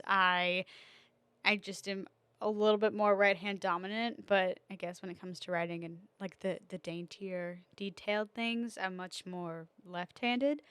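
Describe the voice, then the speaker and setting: Chatty laughing young woman, smooth and close. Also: mid-range voice, a bit bright, dry recording. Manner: chatty storytelling with frequent laughs and fillers. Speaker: podcast host. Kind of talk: casual solo chat.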